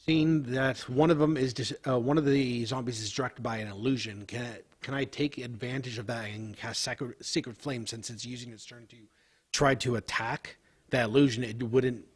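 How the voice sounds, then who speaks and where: A man's voice: mid-range voice, fairly even intonation, moderate pace, breathy edge. A man playing a tabletop role-playing game, speaking hesitantly with many ums as he works out his spells. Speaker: player.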